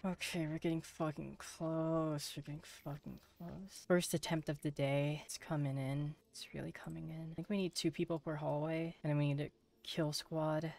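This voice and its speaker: Tense, swearing young gamer. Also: male voice, fairly high pitch, creaky, a little mellow. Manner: swears a lot, repeats himself in frantic bursts. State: tense and shaky. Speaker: gaming streamer. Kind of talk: tense live gameplay commentary.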